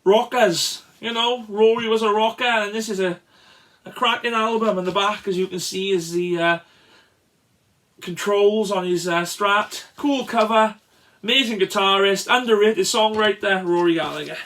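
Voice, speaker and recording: A man casually showing records from his collection, chatty and enthusiastic, with frequent pauses and restarts. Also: sits high, a bit bright. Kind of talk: casual record show-and-tell.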